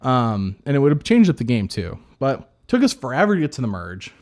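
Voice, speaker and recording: A man's voice: medium pitch, huge pitch swings, fast talker, a little mellow. A man co-hosting a podcast, talking in a rambling way with many fillers and restarts. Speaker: podcast co-host. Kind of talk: casual chat.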